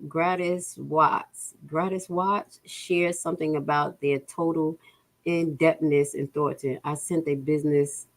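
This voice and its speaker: A woman hosting a casual livestream, bluntly and exasperatedly going over budget figures and reading out viewer comments. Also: lowish voice. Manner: blunt, exasperated, reads chat aloud. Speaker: livestream host.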